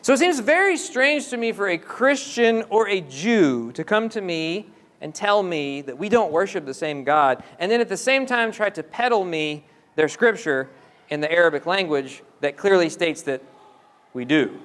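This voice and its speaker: A man's voice: high-pitched, animated, moderate pace, fairly bright tone. A man giving a religious lecture, explaining step by step and asking the audience questions. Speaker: Islamic lecturer. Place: mosque hall. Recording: long hall reverb.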